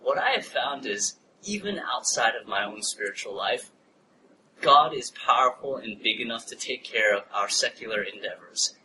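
A male pastor, preaching a sermon and telling a personal story with laughs, then dropping to a soft, near-whispered tone. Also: medium pitch, expressive, moderate pace. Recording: distant mic, noisy room ambience.

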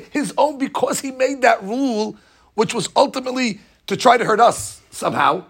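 Guy teaching a religious story, jokey and animated, gravelly voice. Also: very high-pitched, normal speed. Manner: lively, jokey, acts out scenes.

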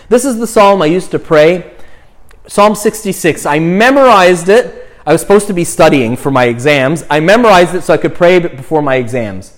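A man's voice: fairly high pitch, expressive, normal speed. A man, a young priest, giving an informal, chatty talk on prayer, often checking in with "right?" and "you know".

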